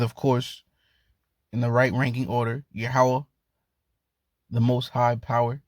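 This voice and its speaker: A man's voice: mid-range voice, darkish tone, dry recording. A man teaching from the Bible in a loose, casual street-talk way, often chuckling and tacking "man" onto his sentences. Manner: loose and slangy, repeats "man", laughs often.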